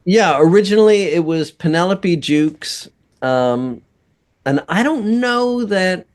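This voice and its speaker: A man's voice: sits high, lively intonation. A man being interviewed as a guest composer and voice actor, chatting casually with a rambling delivery and frequent laughs. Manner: slow, rambling, laughs often.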